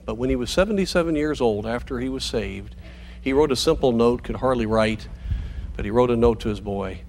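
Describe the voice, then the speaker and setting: A man preaching a sermon as a pastor, earnest and pastoral, slowing down to stress key points and speeding up through asides. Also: medium pitch, a little mellow, slight background noise. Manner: earnest, pastoral, shifts between slow emphasis and quick asides.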